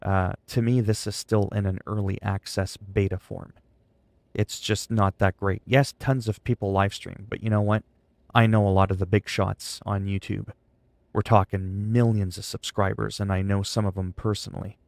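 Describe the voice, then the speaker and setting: A man's voice: fairly low pitch, little pitch movement, moderate pace, gravelly, no room sound. A man livestreaming from his computer, venting in a frustrated, sarcastic way during casual stream chat.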